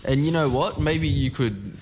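A man's voice: mid-range voice, animated, measured pace, a little hiss or hum. A man co-hosting a radio show in casual chat, emphatic and opinionated, teasing his co-host.

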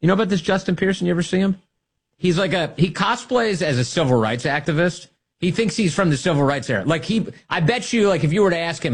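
A man's voice: fairly high pitch, husky. A man hosting a talk radio show, delivering a sarcastic, mocking monologue and laughing at his own jokes.

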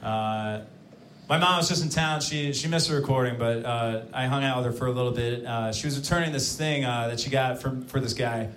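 A man's voice: mid-range voice, steady tone, fairly quick, a bit bright, roomy sound. A man telling a rambling stand-up anecdote in a live comedy club. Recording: live club with crowd noise.

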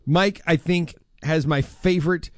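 A man's voice: fairly high pitch, fairly even intonation, a little slow, heavy background noise. A man hosting a radio show, chatting casually and teasing his co-host. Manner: teasing, joking. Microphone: studio mic.

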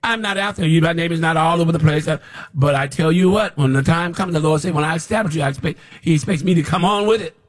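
Speaking to camera, a man who calls himself a prophet delivers a blunt, scolding, repetitive, rambling sermon in a fairly high voice at a quick pace.

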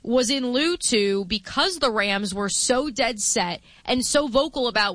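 Bright chatty woman on sports radio, dry close mic. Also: on the high side, lively intonation, no echo. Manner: chatty, playful, quick asides. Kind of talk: casual sports talk banter. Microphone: studio mic.

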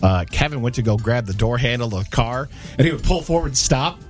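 A middle-aged man chatting casually on a podcast, counting down a list and springing up high whenever he quotes someone. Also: a little fast, soft background music. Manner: animated storyteller, jumps high for quoted voices.

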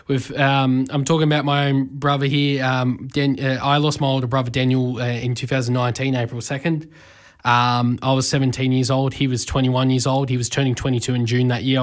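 A man, hosting a community radio talk show, speaking emotionally and haltingly with many fillers and restarts, his voice breaking with grief. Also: medium pitch. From Australia. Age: 20s. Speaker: radio host.

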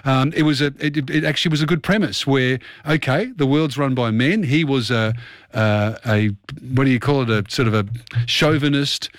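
A chatty man hosts a radio show and rambles casually through his thoughts. His voice sits at an ordinary pitch. It is recorded close and dry, with no room sound. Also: moderate pace, no room sound. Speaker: radio host.

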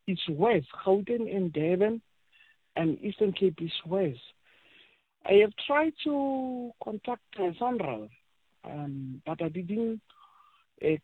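A hesitant man from South Africa calls in to a radio show over a tinny phone line. His speech is halting and full of fillers, and the line sounds dry and close. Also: high-pitched, husky, dry recording. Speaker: caller, truck driver.

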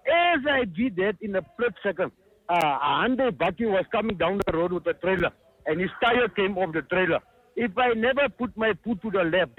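An older man speaks earnestly over a tinny phone line and keeps restarting his words. His voice sits high for a man. The line is dry and close. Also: dry recording. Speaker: caller. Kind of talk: phone-in testimony.

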